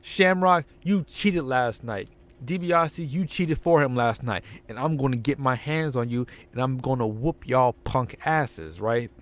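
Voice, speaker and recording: Brief: man as a brash, fed-up pro wrestler, loud and slangy. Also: mid-range voice, measured pace, lightly acted.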